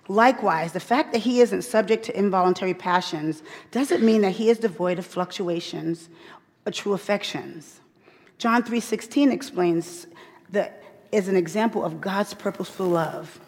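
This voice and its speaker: A woman delivers a sermon with emphatic repetition, dropping from loud, pointed questions to near-whispered asides. Her voice is a little husky. A long reverb from a large hall trails each phrase. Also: medium pitch. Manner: emphatic, repeats key phrases, swings from loud to hushed. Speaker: women's Bible teacher.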